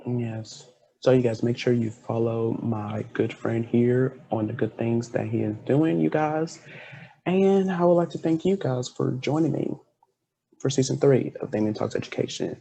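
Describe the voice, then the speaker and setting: A man's voice: medium pitch, normal speed, gravelly, mellow, dull audio. A man hosting a podcast, chatting with a guest in an earnest, heartfelt way. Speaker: podcast host. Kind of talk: casual interview chat.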